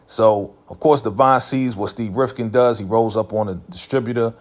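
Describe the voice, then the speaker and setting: A man's voice: lowish voice, fairly even intonation, moderate pace, darkish tone. A man casually recapping a TV episode in a laid-back, slangy way, full of filler phrases.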